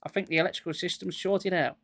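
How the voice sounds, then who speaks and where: Man voicing a weary robot-maker, matter-of-fact, muttering, slightly high, dry sound. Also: steady tone, fast talker, vocal fry, fairly bright tone, dry recording.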